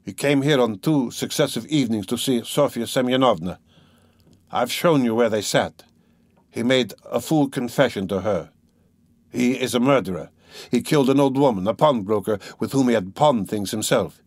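A manipulative gentleman, measured and insinuating, pausing as he picks his words, voiced by a man reading an audiobook. His voice sits at a plain middle pitch. The recording is dry and close. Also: dry recording, lightly acted.

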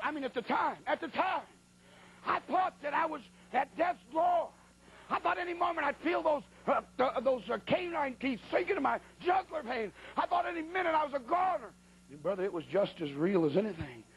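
Very high-voiced folksy preacher man. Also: slightly rough. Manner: colloquial, animated, acts out sounds and voices. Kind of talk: folksy storytelling sermon.

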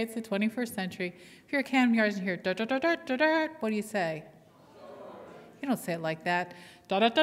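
A woman's voice: medium pitch, a little hiss or hum. A woman pastor preaching a sermon with playful storytelling, drawing call-and-response from her congregation. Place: church sanctuary. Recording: long hall reverb in church.

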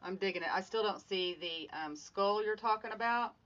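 Her mid-range voice, a bit bright, moves at normal speed as she makes craft art at home. On this casual livestream she stays upbeat, chatting with viewers and greeting them by name. It's streamed live from a phone, and the sound is slightly dull with faint music.

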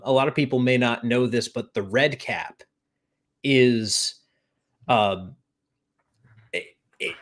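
Man hosting a casual chat. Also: medium pitch. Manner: conversational, restarts often. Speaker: podcast host. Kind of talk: casual interview talk.

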